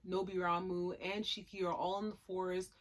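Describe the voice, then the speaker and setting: A woman hosting a casual spoken review, talking emphatically and moving from hushed remarks to loud outbursts. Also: fairly low pitch, little pitch movement, fairly quick. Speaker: anime reviewer.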